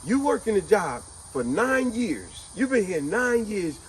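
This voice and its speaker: A man hosting a casual chat, telling a story in an animated, conversational way. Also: high voice, measured pace, slight background noise, poor audio. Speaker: host.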